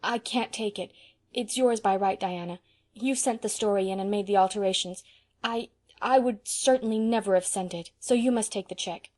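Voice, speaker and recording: A woman's voice: medium pitch, moderate pace, darkish tone, close to an everyday voice. A woman reading an audiobook, voicing a sensitive, imaginative young woman who speaks with emotional, imploring intensity. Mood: flustered. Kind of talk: audiobook character voice.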